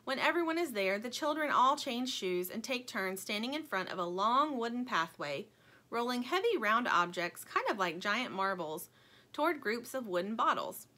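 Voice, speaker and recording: A woman reads a children's story aloud with playful, expressive timing. Her voice is bright and fairly high, and it rises and falls lavishly. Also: moderate pace. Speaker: audiobook narrator. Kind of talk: children's book reading.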